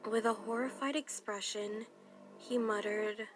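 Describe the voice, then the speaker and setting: A woman narrating a scripted first-person story in a hushed, suspenseful way. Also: mid-range voice, fairly even intonation, unhurried.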